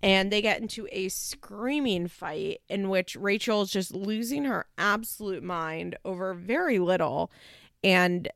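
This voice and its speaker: A woman's voice: mid-range voice, unhurried, gravelly, a bit bright, no room sound, studio quality. A woman recapping a reality show in a casual monologue, talking bluntly and candidly with plenty of swearing and filler "like.".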